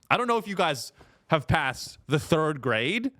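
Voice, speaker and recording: A man hosting a comedy podcast, ranting in an animated way and keeps slipping into mocking impressions of other people. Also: fairly high pitch, a little slow.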